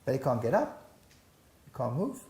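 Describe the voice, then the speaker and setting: In this interview an older man relates a personal testimony with lively storytelling, voicing the dialogue himself. His pitch is medium and his pace moderate, and the space around him echoes.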